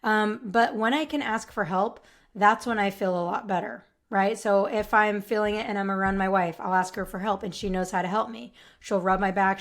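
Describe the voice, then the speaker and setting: A young adult woman speaks on her own podcast in a casual, earnest way. Her voice sits at an ordinary middle pitch, and she keeps reassuring the listener with frequent tag questions. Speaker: podcast host. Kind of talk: casual solo podcast advice.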